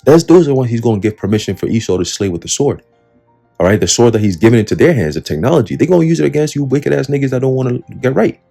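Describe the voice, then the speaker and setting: A man giving casual, street-style Bible teaching in slangy, profane talk, often pausing to ask his listeners "right?". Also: mid-range voice, very animated, vocal fry, warm tone, faint music behind. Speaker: preacher.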